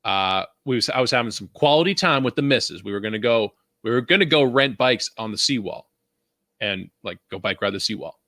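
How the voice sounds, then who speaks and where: A man's voice: on the low side, a little fast, no room sound, studio quality. A young man from Vancouver co-hosting a casual podcast, ranting with swearing and laughter. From Vancouver, Canada. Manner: animated, swearing, laughing ranter. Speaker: podcast co-host.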